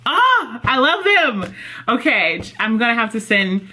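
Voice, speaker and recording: Excitable chatty woman, bright voice. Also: a little high, unhurried. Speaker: book vlogger. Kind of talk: casual vlog chat. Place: home office, indoors.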